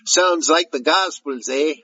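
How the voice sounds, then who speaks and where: A man reading a listener's letter in a put-on joking Canadian accent, adding "eh" to his sentences, with a husky voice. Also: a little high, measured pace, pushed and bright, lo-fi sound, exaggerated voice. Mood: jokey. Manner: tacks on "eh" to sentences.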